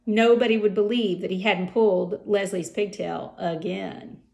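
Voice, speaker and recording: A woman reading a children's chapter book aloud with an expressive delivery. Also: mid-range voice, unhurried, few pauses. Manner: expressive, gravelly voice. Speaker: reader.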